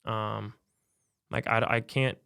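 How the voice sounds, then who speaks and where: Young guy on a podcast, halting and soft, smooth low voice. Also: fairly even intonation, dry recording, clean studio sound. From United States. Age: young adult. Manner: soft-spoken, halting, many likes and ums. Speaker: college basketball player, podcast guest. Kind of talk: personal testimony in a podcast conversation.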